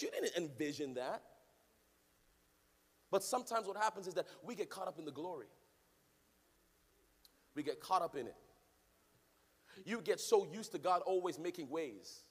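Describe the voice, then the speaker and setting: A man preaching a sermon to a congregation, swinging from low conversational talk to loud sing-song shouting. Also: big-room sound. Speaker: pastor. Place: church hall with congregation.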